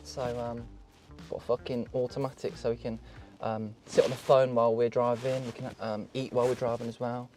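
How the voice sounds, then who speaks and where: A young British man casually showing off a cheap used car, excitable, joking and swearing as he goes. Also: medium pitch, a little fast, faint music behind. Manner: excitable, swearing, laughing, jokey. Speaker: car vlogger. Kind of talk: casual car walkaround vlog.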